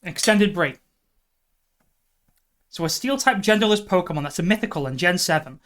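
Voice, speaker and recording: A woman's voice: lowish voice, lively intonation, moderate pace, a bit bright. A woman streaming live, thinking aloud through a guessing game and breaking into exasperated outbursts. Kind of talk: live stream chat while gaming.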